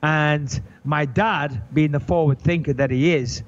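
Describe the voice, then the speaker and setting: A man's voice: fairly high pitch, unhurried. Joking English man, lo-fi audio. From England. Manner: animated, joking and profane. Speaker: podcast guest. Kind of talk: casual podcast chat.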